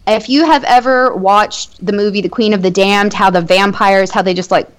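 An adult woman recounts an eerie personal experience in a relaxed interview. She talks in a loose, chatty way, full of fillers and small nervous laughs. Her pitch sits in a typical middle range for a woman. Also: moderate pace, smooth. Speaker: guest telling a personal ghost story. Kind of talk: conversational storytelling in an interview.

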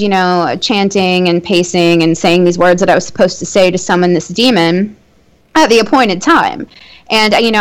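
Chatty woman telling a spooky story. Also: medium pitch. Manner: chatty, many fillers, nervous little laughs. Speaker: guest telling a personal ghost story. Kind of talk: conversational storytelling in an interview.

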